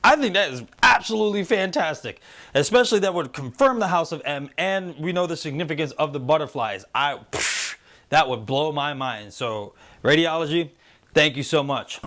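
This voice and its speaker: An excitable man hosting a casual spoiler review, retelling scenes with lively energy and slipping into quoted voices. His speaking voice sits a little higher than most men's. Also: brisk. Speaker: show host reviewing a TV series.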